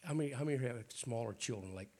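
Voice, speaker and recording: A man, a bishop, preaching a sermon at a church prayer night in a raspy voice with folksy jokes and frequent throat clearing. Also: mid-range voice, animated, quick pace, darkish tone. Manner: folksy, joking preacher talk.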